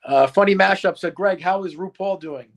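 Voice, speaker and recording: A man's voice: high voice, moderate pace. A male livestream host reading out viewer comments, with short, dry interjections.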